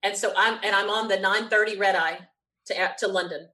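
Lively Southern woman telling a story. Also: medium pitch, a little fast. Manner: lively, frequent laughs, acts out quotes. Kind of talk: animated storytelling.

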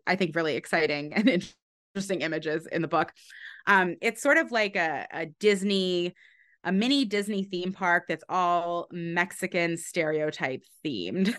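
A woman author being interviewed, explaining her book in a relaxed, conversational way with frequent ums and restarts. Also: on the low side.

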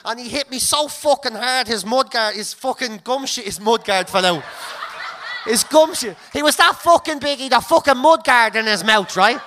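An Irish man hosting a podcast, telling a comic story in a sweary, laughing, animated way. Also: very high voice, normal speed. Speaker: comedian podcast host.

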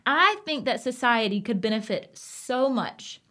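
A woman's voice: on the high side, unhurried. Passionate woman with a twang. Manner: emphatic, passionate, animated storytelling. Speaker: podcast co-host. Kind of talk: casual podcast chat.

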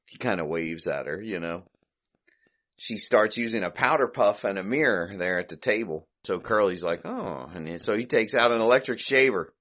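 A man's voice: on the low side, lively intonation, moderate pace, fairly bright tone. A man hosting a podcast, casually recapping an old comedy short, chuckling and thinking aloud as he goes. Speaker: podcast host.

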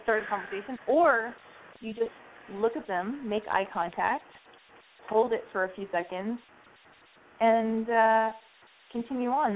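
Chatty woman host on a tinny line. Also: a little high. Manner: chatty, acts out scenes with quoted voices. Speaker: advice show host. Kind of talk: casual advice chat. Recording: tinny phone-like sound with faint noise.

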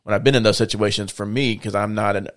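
Low-voiced man musing on faith. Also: fairly even intonation, fast talker. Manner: reflective, explains with everyday analogies. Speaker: podcast co-host. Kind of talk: casual faith-based discussion.

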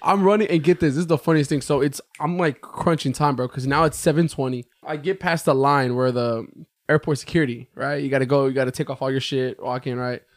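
A young American man, a podcast co-host, telling a story in casual chat, animated and profane, jumping into a raised voice when he quotes himself. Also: mid-range voice, fairly quick, no room sound, studio quality.

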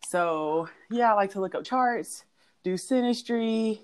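A woman's voice: mid-range voice, unhurried, clear, resonant tone. A woman guest on a podcast, chatting casually about her interest in astrology with lots of giggles and fillers. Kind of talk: casual chat.

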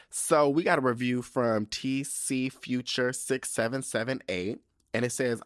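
A young man hosting a podcast in sassy, campy casual chat, cursing freely and swinging between low mumbles and high squeals. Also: lively intonation, measured pace, dry recording, clean studio sound. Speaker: podcast host.

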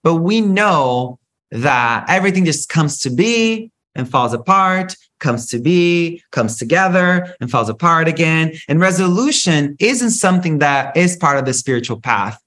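A man hosts a solo spiritual podcast with a somewhat high voice. He talks in an animated, rant-like flow, swearing freely and swinging his pitch up and down. It sounds like an unscripted monologue. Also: a little slow. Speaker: podcast host.

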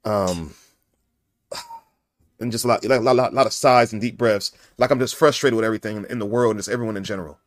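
A man's voice: medium pitch, steady tone, rapid-fire, hardly any pauses, dry recording, studio quality. A young adult man hosting a casual podcast chat in a goofy, joking way. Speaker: podcast host.

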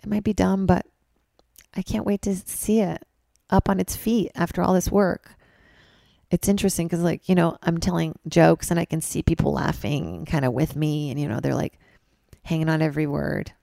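A young woman hosting a solo podcast from a hotel room, talking loosely and rambling, mocking herself and jumping into loud, high bits. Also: fairly even intonation, normal speed, vocal fry, no room sound, clean studio sound. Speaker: podcast host. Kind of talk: casual solo podcast chat. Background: ice machine outside.

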